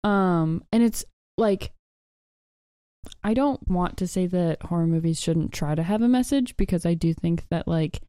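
A woman's voice: on the low side, a little slow, mellow, smooth, dry recording, clean studio sound. A young adult woman chatting casually as a podcast guest, talkative and laughing easily. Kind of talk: casual chat.

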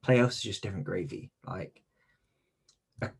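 A man's voice: deep voice, expressive, normal speed, creaky, breathy edge. A man co-hosting a casual sports podcast, teasing and argumentative, often repeating his words. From United Kingdom. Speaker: podcast co-host.

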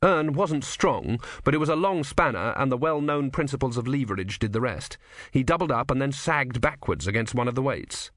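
Brief: male audiobook narrator, mid pitch, wry and measured, close dry studio mic. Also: expressive, fairly bright tone, dry recording. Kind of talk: scripted narration.

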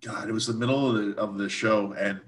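A man's voice: lowish voice, steady tone, fast. A man chatting casually about live shows, laid-back and profane, with lots of fillers. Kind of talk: casual chat.

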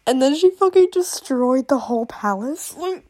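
Warm, animated, and high-pitched, this young woman talks at a normal speed about her favorite books while fighting a cough. It's a rambling, gushing book-vlog chat loaded with "like" and "oh my god."

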